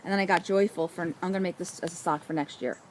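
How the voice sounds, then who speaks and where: A woman hosting a knitting vlog outdoors, chatting casually in a bubbly, excitable way. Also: lowish voice, fast talker, slight background noise. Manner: bubbly and excitable, with frequent laughs. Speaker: knitting vlogger. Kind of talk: casual chat.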